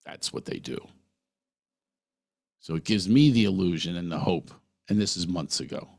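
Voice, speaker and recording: Middle-aged guy doing a heartfelt podcast monologue, really low voice, dry close sound. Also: moderate pace, gravelly, darkish tone, dry recording. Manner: earnest, asks the listener questions directly. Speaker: podcast host. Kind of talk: personal monologue.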